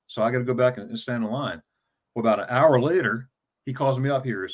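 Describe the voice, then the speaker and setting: A man's voice: mid-range voice, brisk. A man in his fifties who tells a long personal story in a casual interview, stammering and repeating words with many fillers. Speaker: travel vlogger telling his story as an interview guest.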